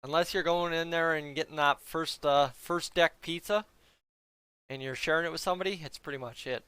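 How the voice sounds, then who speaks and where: A young man talks his viewers through a hockey game in casual, chatty play-by-play, tossing in jokes and side comments. His voice sits a little high and sounds smooth and clear. The recording is dry and close. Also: steady tone, brisk, sharp tone, dry recording. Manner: chatty, joking asides to viewers. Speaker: fan streamer reacting to a hockey game. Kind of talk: casual play-by-play reaction chat.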